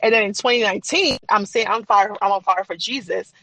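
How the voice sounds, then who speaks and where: A woman's voice: mid-range voice, brisk, sharp tone, dry recording. A woman guest on a podcast, telling her personal faith testimony in an emphatic, repetitive, testifying way.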